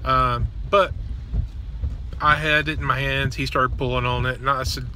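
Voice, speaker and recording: A man's voice: mid-range voice, flat delivery, moderate pace, bright, forceful tone, slight background noise, poor audio. A man vlogging, telling personal stories in a blunt, crude, joking and then earnest way, outdoors near a road. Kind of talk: casual personal storytelling.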